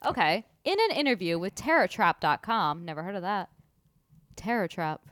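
A woman's voice: on the low side, sing-song, moderate pace, fairly bright tone, no room sound. A woman co-hosting a movie podcast, chatting playfully and reading out trivia. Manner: playful, teasing, reads out trivia. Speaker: podcast co-host. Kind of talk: casual movie chat.

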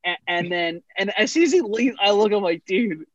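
A man's voice: sits high, expressive, moderate pace, no room sound, lo-fi sound. A young man casually telling a funny story on a podcast, rambling with many restarts and laughing as he goes.

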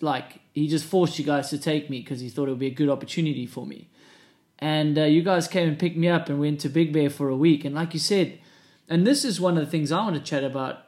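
A man with a South African accent hosts a podcast in loose, laughing conversation. He tells anecdotes with an easy, conversational flow. His voice sits a little high for a man. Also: darkish tone. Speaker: podcast host. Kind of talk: casual chat.

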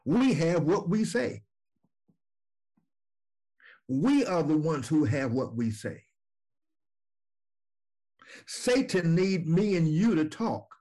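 A man's voice: a little high, very animated, slow, long pauses, mellow. A man preaching a sermon, with repetitive, emphatic phrasing and questions to his listeners.

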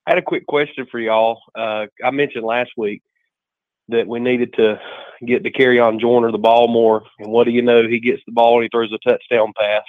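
A man's voice: medium pitch, level tone, normal speed, no room sound. A man calling into a sports talk show, friendly and rambling with many fillers, over a tinny phone line. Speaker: caller. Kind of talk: sports call-in question.

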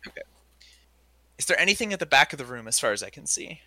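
A man's voice: medium pitch, very animated, fast talker, bright, forceful tone, no echo. A man playing a tabletop role-playing game, eager and thinking aloud with fillers. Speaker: player. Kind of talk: tabletop role-play chat.

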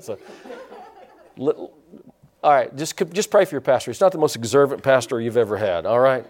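A man's voice: mid-range voice, animated, a little fast, darkish tone. A man preaching a sermon to his congregation in church, folksy and rambling, breaking off for asides to people in the pews. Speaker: pastor.

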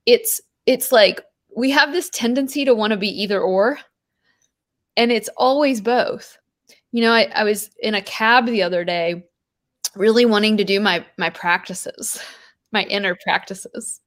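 Woman, middling pitch, earnest, rambling, spiritual talk. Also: unhurried. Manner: earnest, rambling, emphatic with frequent "like" and "you know". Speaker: podcast guest. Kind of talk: spiritual conversation.

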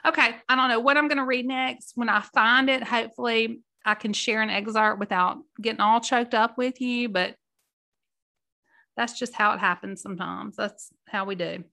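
A middle-aged woman talks casually to her viewers as their host. Her voice sits a little high and rings bright and forceful. She is folksy and openly emotional, often close to tears. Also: fairly even intonation, moderate pace, vocal fry.

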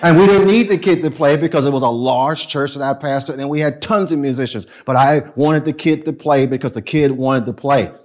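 A man, a pastor telling stories in a casual, animated way that swings between loud and soft. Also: medium pitch, a little fast, few pauses. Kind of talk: storytelling talk.

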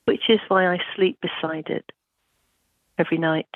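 A performer slowly describing a memory in a reflective, poetic improv warm-up. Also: mid-range voice, steady tone, no room sound. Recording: tinny phone-like line.

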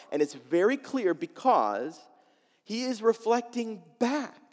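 A male pastor preaching a sermon, expressive, moving between loud emphasis and quiet asides. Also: high-pitched. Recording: long reverb of a large hall.

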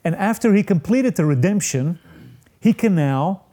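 A man preaching a sermon, slow and emphatic, with dramatic pauses and rising peaks. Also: high voice, lively intonation, dark tone.

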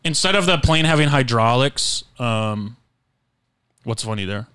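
A man co-hosting a podcast, deadpan and profane, tossing out absurd questions in casual comedic chat. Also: medium pitch, a little slow, clear, resonant tone, no echo. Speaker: podcast co-host.

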